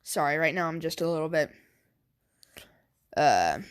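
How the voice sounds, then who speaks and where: Woman, unhurried, improvised fan story, halting, lots of fillers. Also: low voice, very animated, clear, resonant tone. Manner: hesitant, filler-heavy, stammering.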